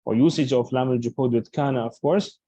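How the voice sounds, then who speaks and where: A man's voice: medium pitch, a little fast, dark tone, poor audio. A man teaching Arabic grammar in a lecture, explaining patiently and restating each point with examples.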